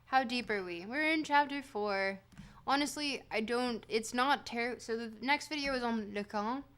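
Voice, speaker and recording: A woman whose first language is French hosts a livestream, reading a dense text aloud and breaking off to chat with her viewers. Her voice sits a little high, and her manner is loose and joking, with casual swearing. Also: normal speed, a bit bright, clear, resonant tone. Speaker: streamer.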